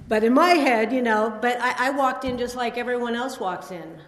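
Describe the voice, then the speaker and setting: A woman's voice: medium pitch, a little fast, hardly any pauses, a crowd in the background. A woman in her sixties giving a rambling, self-deprecating personal recovery testimony at a meeting, full of fillers and restarts. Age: 60s. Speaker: speaker sharing at a recovery meeting. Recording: echoey hall with long reverb.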